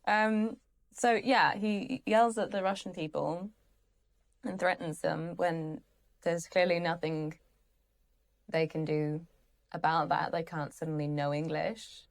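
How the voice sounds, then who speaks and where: A woman's voice: lowish voice, steady tone, takes it slowly, vocal fry. A young woman hosting her own channel, ranting about a TV character in a sarcastic, exasperated way, swearing freely and rambling through asides and restarts. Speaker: channel host. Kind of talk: ranting commentary.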